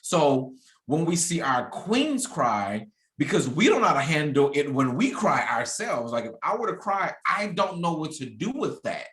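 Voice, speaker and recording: A man's voice: on the high side, sing-song, moderate pace, fairly bright tone. Candid man in his thirties, echoey room. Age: 30s. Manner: candid, reflective, with many restarts. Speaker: podcast host. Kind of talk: casual conversation.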